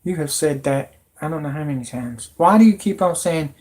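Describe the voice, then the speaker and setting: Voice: medium pitch, expressive, normal speed, a little mellow. Agitated, rambling livestream ranter. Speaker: livestream host. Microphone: computer mic.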